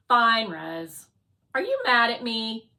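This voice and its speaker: A woman voicing a small, chatty, excitable drone that talks loudly and eagerly in bursts. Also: on the high side, extremely slow, gravelly, heavily acted. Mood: eager chatter.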